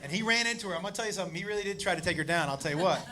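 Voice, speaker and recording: A man performing stand-up storytelling, animated and profane, acting out the voices of the people in his tale. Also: sits high, racing. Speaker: stand-up comedian. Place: comedy stage before a live audience. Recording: live stand-up with loud audience laughter and noise.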